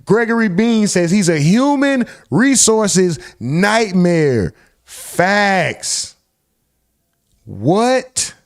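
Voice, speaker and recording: A young man hosts a live reaction stream, reading viewers' comments and reacting with loud disbelief. His voice sits a bit high, and the mic is close and dry with no room sound. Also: lively intonation, drawn-out words, dry recording. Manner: incredulous, swearing, reads chat comments aloud.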